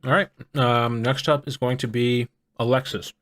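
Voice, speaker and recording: A man running a tabletop game as game master, narrating the scene in a relaxed way with frequent ums and uhs. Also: mid-range voice, moderate pace.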